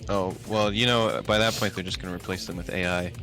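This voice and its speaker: A young woman co-hosting a game stream, chatting in a relaxed, playful way and laughing often. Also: a bass voice, a little fast, soft background music. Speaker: co-host. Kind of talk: casual chat while gaming.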